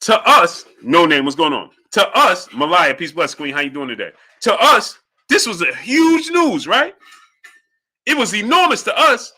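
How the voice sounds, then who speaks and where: A man's voice: sits high, big pitch swings, normal speed, sharp tone, breathy edge. A man hosting a live-stream boxing show, talking emphatically, repeating his points and greeting chat viewers by name. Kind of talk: live-stream sports commentary.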